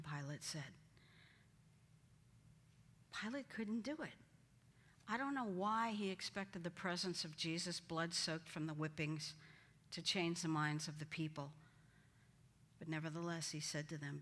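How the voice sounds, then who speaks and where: A woman's voice: low voice, unhurried, pauses often, fairly bright tone. A woman teaching a Bible study, acting out the quoted lines with dramatic emphasis. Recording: hall reverb.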